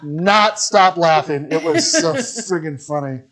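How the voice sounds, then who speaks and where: A man's voice: a little high, expressive, slow pace, a bit bright, slight background noise, rough recording. A man co-hosting a casual cooking podcast at home, telling jokes and laughing often. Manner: joking storyteller, laughs often. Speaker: podcast co-host. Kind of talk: casual chat while cooking. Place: home kitchen.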